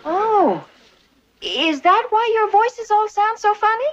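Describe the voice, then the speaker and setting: A playful, affectionate wife in a 1960s sitcom. Her voice sits high and moves a lot. The old soundtrack is lo-fi, with clear hiss behind it. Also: big pitch swings, slow pace, heavily acted. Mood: sweet. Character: cheerful sitcom wife, breezy and sweet.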